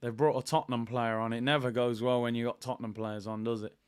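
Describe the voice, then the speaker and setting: A man hosting a live football watchalong, chatty and excitable as he reacts to the match and the chat. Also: medium pitch, quick pace, clean tone. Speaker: watchalong host.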